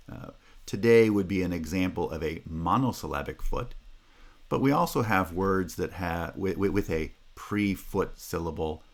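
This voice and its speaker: Very deep-voiced male linguistics lecturer. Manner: explanatory, frequent "right?" checks and restarts. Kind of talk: recorded phonology lecture.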